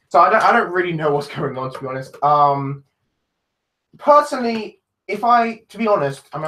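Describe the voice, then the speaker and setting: Chatty young British man, higher voice. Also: a bit bright. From England. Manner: rambling, laughs often, many restarts. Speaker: YouTube livestream host. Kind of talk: casual live-stream chat.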